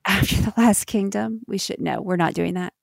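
An American woman co-hosting a podcast in a loose, chatty way, often laughing at herself. Her voice carries a gravelly fry. The sound is dry and close to the mic. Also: medium pitch, fairly even intonation, normal speed, no room sound. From United States. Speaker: podcast co-host. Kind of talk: casual chat.

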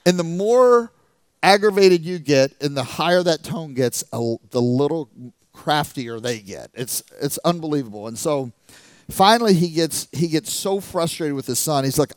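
A middle-aged man telling a story as a motivational speaker, animated, acting out the voices of the people in it. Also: fairly high pitch, moderate pace, no echo. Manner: animated, acts out the voices of people in his stories. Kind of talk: storytelling talk to a live audience.

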